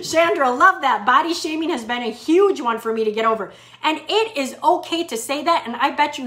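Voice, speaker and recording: A middle-aged woman fitness coach chatting live with viewers, high-pitched and bright, with a clear edge to her voice. She is upbeat and encouraging and keeps repeating her main points for emphasis. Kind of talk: live chat reading viewer comments.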